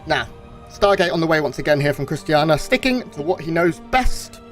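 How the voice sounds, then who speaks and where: A man giving relaxed, analytical color commentary on a strategy game match, with frequent fillers. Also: on the high side, brisk, soft background music. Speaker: esports co-caster.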